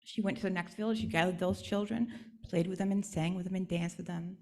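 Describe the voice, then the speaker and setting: A woman's voice: fairly low pitch, fairly even intonation, brisk, dark tone. A woman speaker at a church service, telling a traditional legend in an instructive, storytelling way.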